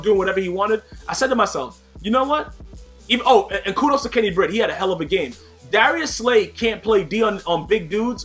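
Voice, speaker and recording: A man hosting a casual football recap, ranting with slang and loud emphasis. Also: high-pitched. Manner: animated, rants emphatically, slangy. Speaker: sports show host.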